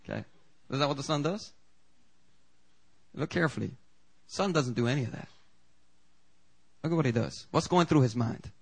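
A man's voice: mid-range voice, normal speed, long pauses, breathy edge. A man preaching a sermon in a casual, conversational way, acting out the quoted lines with big jumps in voice. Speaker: pastor.

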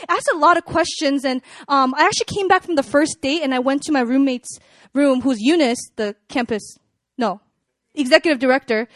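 A young woman with a high, bright-sounding voice talks to a room full of people in a relaxed, sermon-like way. She is chatty and animated, with lots of filler words. The sound is close and dry, with hardly any room echo. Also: fairly quick. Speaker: speaker at a church gathering. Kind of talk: casual sermon talk. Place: room with a live audience.

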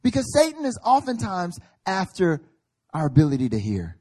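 A man's voice: sits high, wildly swooping pitch, normal speed, a little mellow. A male pastor preaching a sermon at a church service, emphatic and building in intensity, acting out little quoted voices.

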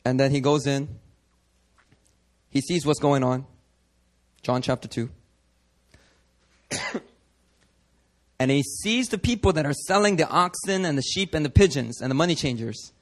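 Animated, high-voiced male preacher. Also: measured pace, pauses often. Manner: animated, acts out scenes, shifts from hushed to loud. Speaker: pastor. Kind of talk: sermon. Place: church prayer meeting.

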